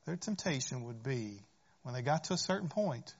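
A man's voice: mid-range voice, expressive, normal speed, gravelly. A man preaching a sermon in an earnest manner, often rising into fervent pleas and asking "right?". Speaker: pastor. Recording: dull lo-fi recording.

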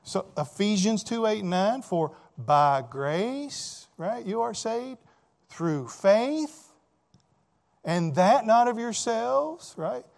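High-voiced male preacher, emphatic. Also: lively intonation, slow, creaky. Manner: asks rhetorical questions, many "right?" tags and repeated words; emphatic, swings between loud and soft. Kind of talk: sermon.

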